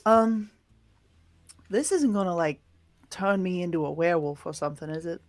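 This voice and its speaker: A woman playing a wary rural young woman in a tabletop game, who asks hesitant, halting questions. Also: on the low side, natural voice. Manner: hesitant, filler-heavy questioning.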